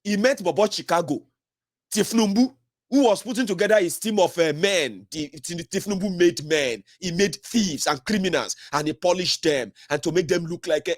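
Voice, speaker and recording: A man's voice: high-pitched, moderate pace, dry recording, studio quality. A middle-aged Nigerian man with a Nigerian accent giving solo political commentary, fiery and mocking, mixing pidgin into his English.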